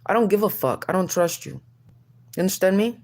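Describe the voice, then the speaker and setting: A woman's voice: medium pitch, animated, a little fast, darkish tone. A woman in her thirties in an angry, profane confessional rant, accusing her ex-partner in a heated, rambling way. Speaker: mother addressing her ex on camera.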